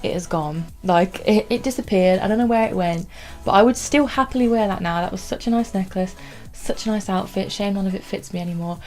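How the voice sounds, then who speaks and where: A woman's voice: lowish voice, a little mellow. Rambly young woman vlogging. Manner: chatty and rambling, peppered with "like". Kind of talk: casual storytelling to camera.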